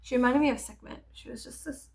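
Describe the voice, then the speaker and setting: Woman with a gravelly, fry-laden voice. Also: high voice, fast. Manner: candid, rambling storytelling with frequent swearing. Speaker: vlogger. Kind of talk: casual get-ready-with-me chat.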